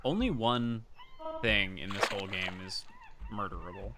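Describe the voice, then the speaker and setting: Man, streamer, low voice, relaxed game commentary, thinking aloud, audible background noise. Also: normal speed. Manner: relaxed, musing, talks while playing. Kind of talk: casual gameplay commentary.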